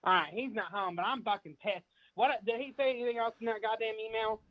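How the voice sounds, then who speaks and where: Man, furious, swearing, high voice, muffled phone line. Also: fast talker. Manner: furious and profane. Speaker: prank call recipient.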